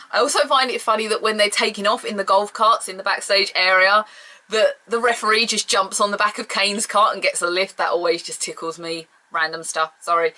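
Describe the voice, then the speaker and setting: A woman's voice: medium pitch, pushed and bright. A woman reviewing an old wrestling event in a casual, rambling way, gushing as a fan and apologizing for her tangents.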